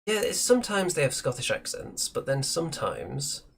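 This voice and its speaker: A man hosting a casual hobby chat show, talking in a relaxed, chatty way and thinking aloud. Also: mid-range voice, normal speed, gravelly, slightly rough. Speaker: show host.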